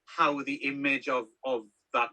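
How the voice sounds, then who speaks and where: A man's voice: medium pitch, flat delivery, a little slow, bright, forceful tone. A man co-hosting a casual film review podcast, rambling with lots of ums and restarts. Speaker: podcast co-host.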